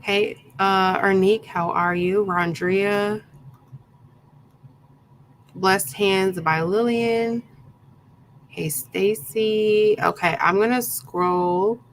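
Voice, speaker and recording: A woman's voice: mid-range voice, fairly even intonation, very slow, pauses often, slight background noise, poor audio. A woman hosting a live craft tutorial, chatting casually and greeting her viewers one by one by name, with plenty of ums along the way. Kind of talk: casual live-stream chat.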